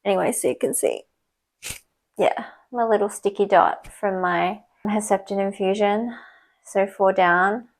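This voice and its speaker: A woman's voice: mid-range voice, unhurried, gravelly, rough recording. A young woman talking casually to camera, telling a candid personal story and retelling conversations. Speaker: vlogger. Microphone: small clip or desk mic, sometimes knocked.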